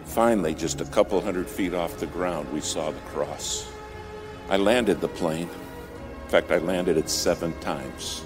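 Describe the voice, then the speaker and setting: A man with a very low voice tells a sermon story, building to loud, emphatic peaks and falling back to hushed, near-whispered lines. Music plays clearly beneath him throughout. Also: a little slow. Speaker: preacher. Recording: music bed under the voice.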